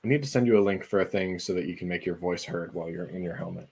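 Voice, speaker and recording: A man's voice: low voice, fast talker, vocal fry, darkish tone, slight background noise. A man co-hosting a podcast, earnestly laying out a fan theory at length in casual conversation. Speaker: podcast co-host.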